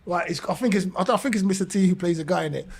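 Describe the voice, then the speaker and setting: High-voiced man. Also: very fast. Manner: animated storyteller, acts out quotes. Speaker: podcast host. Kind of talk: casual chat.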